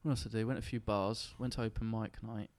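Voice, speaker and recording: A man's voice: fairly low pitch, flat delivery, fast, darkish tone. A young man chatting casually on a podcast, rambling through stories and laughing often. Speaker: podcast host. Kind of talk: casual chat among friends.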